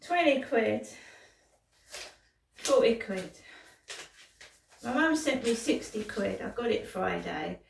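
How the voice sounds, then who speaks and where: A woman's voice: a little high, animated, takes it slowly, gravelly, pauses often, roomy sound, distant mic, a little hiss or hum. A middle-aged British woman vlogging in pain, rambling and swearing with frequent restarts. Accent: British English. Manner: rambling and profane, with restarts and stumbles. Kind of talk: rambling personal vlog monologue.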